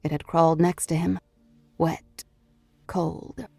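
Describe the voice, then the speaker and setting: A woman's voice: deep voice, flat delivery, slow pace, creaky, mellow, dry recording, soft background music. A woman reading a horror novel aloud as an audiobook narrator, in a scripted storytelling manner.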